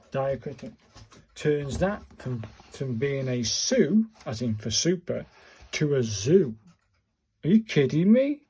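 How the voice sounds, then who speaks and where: Slow, exasperated man. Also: medium pitch, darkish tone, breathy edge. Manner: chatty, exasperated, talks to viewers while searching cards. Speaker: vlogger learning calligraphy. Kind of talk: casual self-recorded tutorial.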